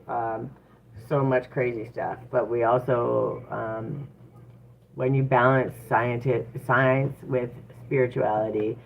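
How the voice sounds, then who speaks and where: A woman's voice: a bass voice, gravelly. A woman giving a casual livestream tarot reading, chatty and encouraging, with frequent fillers. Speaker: tarot reader. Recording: tinny phone-like audio with faint noise.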